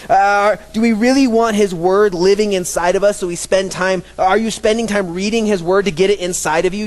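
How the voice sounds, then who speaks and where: A man's voice: sits high, steady tone, brisk, few pauses. A pastor preaching a sermon to his congregation, emphatic and repetitive, leading the room in call-and-response. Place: church sanctuary. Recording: long hall reverb.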